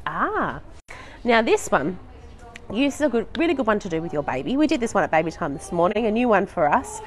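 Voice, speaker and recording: A woman's voice: medium pitch, big pitch swings, a little fast. A young woman running a live baby and toddler session at a library, singing nursery songs and chatting to parents between them, laughing often. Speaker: children's librarian.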